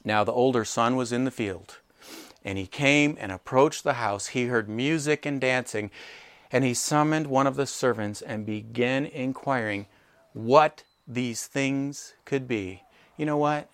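A man preaching a sermon, animated, acting out the characters in quoted voices as he tells the story. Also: mid-range voice, dry recording. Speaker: pastor.

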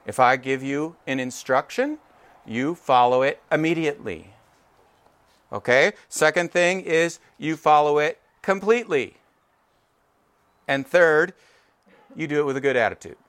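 A man in his forties preaching in an animated, conversational way who keeps checking in with his listeners. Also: fairly high pitch, a little slow, pauses often. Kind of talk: sermon.

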